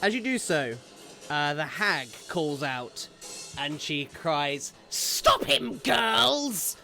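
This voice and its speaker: A man narrating as game master for a tabletop game, relaxed and full of filler sounds as he describes the scene. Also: a little high, slow, soft background music.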